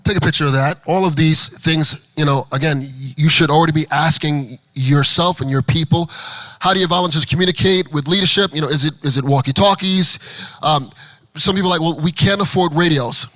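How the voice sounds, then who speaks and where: A man giving an energetic, animated talk to children's ministry leaders as a children's pastor, with playful asides. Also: a little high, fairly quick, no room sound, poor audio. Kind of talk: conference workshop talk.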